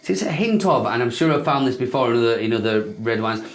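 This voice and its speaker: A man co-hosting a wine tasting, his mid-range voice bouncing around an echoey room. He gropes for words, restarting and trailing off as he describes. Casual and unhurried. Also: mid-range voice, animated. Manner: thinks aloud, hesitant, many restarts while describing. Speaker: wine show co-host. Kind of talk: casual chat.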